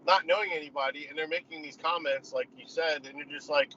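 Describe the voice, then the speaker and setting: A man's voice: fairly high pitch, steady tone, fast talker, bright, forceful tone. A man telling a story in casual chat, rambling and often laughing. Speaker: guest. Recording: slightly dull lo-fi sound, faint noise.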